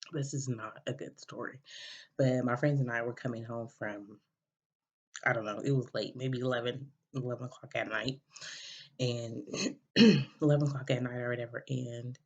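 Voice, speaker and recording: A woman hosting a podcast, telling a personal story in a rambling casual way, full of fillers and restarts. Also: extremely low pitch. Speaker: podcast host. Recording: dull lo-fi recording.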